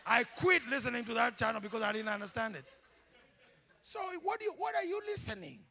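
A man preaching a sermon as pastor, animated and humorous, often shouting and laughing. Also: very high-pitched, a little fast, creaky. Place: church.

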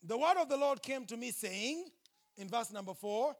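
Male preacher, high voice with gravel, impassioned sermon delivery. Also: lively intonation, moderate pace. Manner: impassioned, rising to shouts.

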